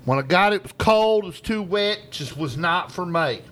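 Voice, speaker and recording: Man doing a higher, louder drawling country man complaining about his food. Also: lively intonation, normal speed, slight background noise. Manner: drawling, folksy country talk. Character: rough-spoken rural man, a complaining pizza customer.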